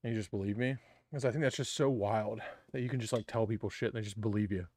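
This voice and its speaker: A man's voice: fairly low pitch, fairly even intonation, quick pace, darkish tone, dry recording. A man co-hosting a live stream, telling joking stories in casual banter, swearing freely and laughing often. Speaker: podcast co-host.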